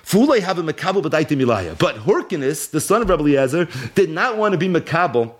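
A man's voice: a little high, very animated, fairly quick. A man giving a Torah lesson, reading Aramaic source lines and retelling them as a story, half-chanting the text. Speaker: Torah teacher. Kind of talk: Talmud and Zohar lecture, reading Aramaic and translating.

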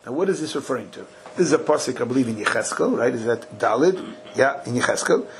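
A man teaching a Talmud study class, chanting Aramaic and Hebrew slowly and then translating it in a lively way. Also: medium pitch, slight background noise, rough recording.

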